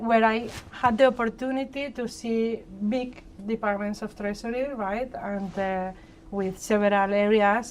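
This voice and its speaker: Spanish-accented woman on a panel, chatty, keeps asking right?, normal pitch, a bit of background hum. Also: a little mellow. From born in Argentina, grew up in Spain. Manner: chatty, tags sentences with "right?". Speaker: panel guest, treasury leader. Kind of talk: personal story on a live panel.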